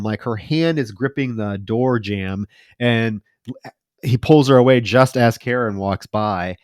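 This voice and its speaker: A man's voice: mid-range voice, a little mellow, no room sound, studio quality. A man co-hosting a podcast, casually and animatedly retelling a horror film scene by scene with plenty of swearing. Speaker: podcast co-host. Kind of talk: casual film review chat.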